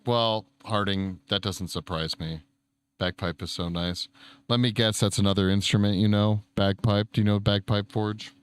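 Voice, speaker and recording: A man's voice: fairly low pitch, fairly even intonation, moderate pace, clean tone, no room sound. A man hosting a casual livestream, reading chat aloud and answering viewers, with easy swearing. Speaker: streamer.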